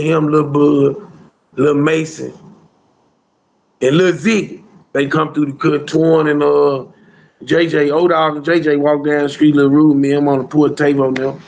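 A man's voice: fairly high pitch, gravelly, darkish tone. A man telling a rambling street story in casual slang, with lots of "bro" and "you hear me" along the way. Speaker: storyteller guest.

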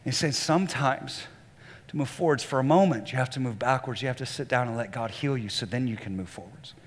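Male pastor preaching in a reverberant hall. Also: fairly quick. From Southern US. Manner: animated, acts out quoted voices at a much higher pitch. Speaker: lead pastor. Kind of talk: sermon. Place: church auditorium.

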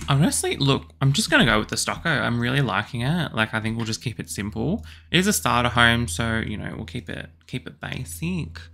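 A young Australian man chatting casually and excitedly as he builds a house in a video game, with lots of apologetic asides. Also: mid-range voice, gravelly, a little hiss or hum. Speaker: YouTuber building houses in a life-sim game. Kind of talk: casual gameplay commentary.

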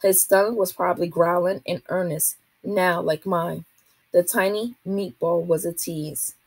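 A woman, a teacher, reading a children's novel aloud to a class in a steady, expressive way. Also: lowish voice, a little slow, husky, no room sound.

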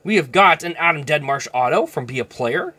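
A man hosting a card-opening vlog, excitable and given to shouted exclamations and mild minced oaths. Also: a little high, a little fast. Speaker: hockey card channel host.

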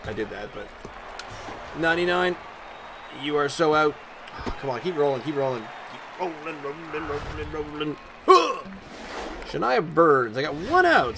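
Brief: excitable gaming man with a lively, bouncing voice, pitched a bit high, over loud game crowd noise. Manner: excitable, chatty, talks back at the game. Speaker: gaming YouTuber. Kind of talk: let's-play commentary.

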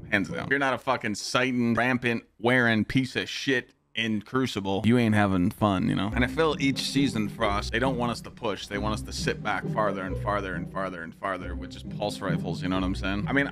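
A man streaming a game, chatting casually in a brash, profane, rambling way. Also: fairly low pitch. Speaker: gaming streamer. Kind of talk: casual livestream chat.

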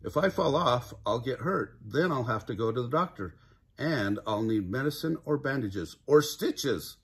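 An older man reading aloud plays a nervous storybook walrus who pictures one disaster after another. The voice stays husky and mid-pitched, an everyday reading voice rather than a put-on character. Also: lively intonation, measured pace, fairly bright tone, exaggerated voice. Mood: fretful. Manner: rambling, fretful storytelling. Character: anxious walrus, endlessly imagining disasters.

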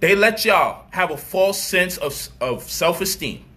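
A man delivering an animated, profane street-style commentary monologue, mocking people and acting out their voices. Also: high voice, measured pace, breathy edge.

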